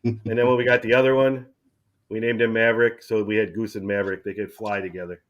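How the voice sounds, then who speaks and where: A middle-aged man hosting a casual chat, relaxed and chatty, often repeating words as he starts a thought. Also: fairly low pitch, fast talker, muffled recording. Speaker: channel host.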